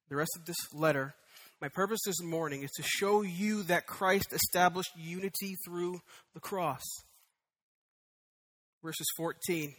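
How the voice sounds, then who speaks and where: Pastor, male, high bright voice, emphatic sermon delivery. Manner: emphatic preaching, rising to loud repeated declarations.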